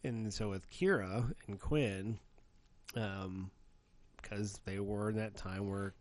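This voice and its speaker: Low-voiced middle-aged man telling stories. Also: slow pace. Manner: storytelling, gets loud and high when animated. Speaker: podcast co-host. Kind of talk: casual comedic chat.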